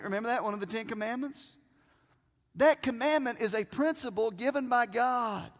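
A man preaching a sermon from a church stage, who asks the congregation questions and pauses for effect. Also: very high voice. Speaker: pastor. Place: church sanctuary with a screen. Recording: long reverb of a large hall.

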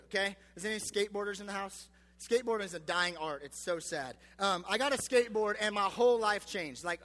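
Young male youth pastor, high bright voice, joking and casual, in a reverberant hall. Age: 20s. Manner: chatty, joking, self-deprecating, many fillers.

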